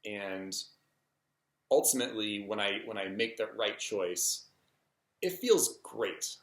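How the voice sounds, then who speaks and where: A man's voice: lowish voice, slow pace, vocal fry. A man vlogging a personal story in a casual, hesitant way, full of ums and restarts. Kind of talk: rambling personal story to camera. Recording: echoey room.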